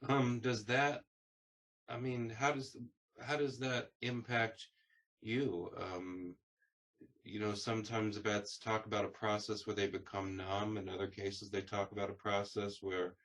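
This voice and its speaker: A man interviewing a veteran, asking measured, thoughtful questions with some hesitation. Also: on the low side, little pitch movement, fairly bright tone. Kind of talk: oral history interview.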